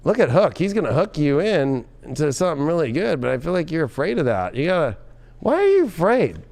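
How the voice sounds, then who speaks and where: A man giving a tarot reading in an excitable, loud and profane way, often breaking into laughter. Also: on the high side, brisk, gravelly. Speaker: tarot reader.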